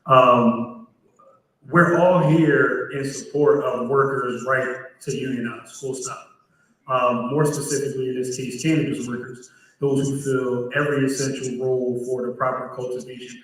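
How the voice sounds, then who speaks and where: A man's voice: mid-range voice, normal speed, distant mic. A man speaking casually to a live audience, introducing guests, his voice a little worn after losing it. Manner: relaxed, chatty, addresses crowd directly. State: slightly lost voice. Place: large hall at a community college. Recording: very echoey hall with crowd. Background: faint crowd.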